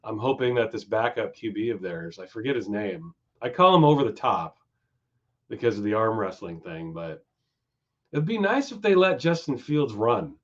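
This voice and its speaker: On a loose, profane live stream, a man with a lowish, sing-song voice riffs with his chat at a normal speed, hopping from topic to topic. His pitch swings widely up and down, and he's chatty, swears freely and keeps going off on tangents. The audio is dull and lo-fi, like a home stream.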